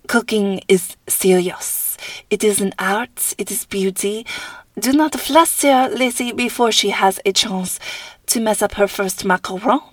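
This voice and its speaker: A woman's voice: mid-range voice, a little slow, no room sound, close to an everyday voice. A woman voicing a stern, commanding school cook with a French accent. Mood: stern, imperious. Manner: haughty, commanding, theatrical.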